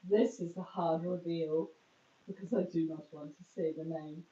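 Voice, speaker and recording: A woman's voice: fairly low pitch, fairly even intonation, a little slow, pauses often, mellow. A woman chatting casually on a live stream from her phone, rambling and poking fun at herself. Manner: rambling, chatty, self-mocking. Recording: dull, echoey, far from phone mic.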